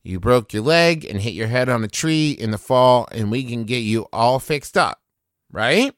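A man playing a quietly menacing young woman, West Virginia drawl. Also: medium pitch, animated, measured pace, clean tone, dry recording, studio quality. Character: calm, menacing young woman with fire magic.

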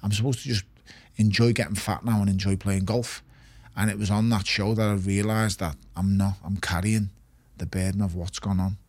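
A man's voice: on the low side, steady tone, normal speed, husky, no echo. A middle-aged man, a retired boxer talking candidly in an interview, blunt and swearing. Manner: blunt, swears often, repeats words when emphatic. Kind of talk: candid podcast conversation.

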